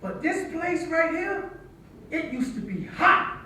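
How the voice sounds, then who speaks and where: A woman performs a stage monologue as an older woman who wistfully tells young listeners about a once-lively dance hall. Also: very high voice, slow pace, slight background noise, heavily acted. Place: theatre stage. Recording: echoey hall from far off.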